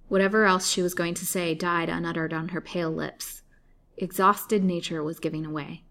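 A woman storyteller reading an old serialized novel aloud in a measured, dramatic way. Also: fairly low pitch, fairly even intonation, fairly bright tone. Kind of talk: scripted narration of a serialized novel.

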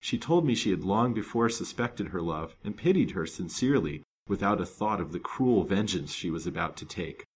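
A man's voice: low-pitched, animated, normal speed, few pauses, a little hiss or hum. A man reading the lines of a frail, grateful young woman in a storybook, in an earnest, emotional tone.

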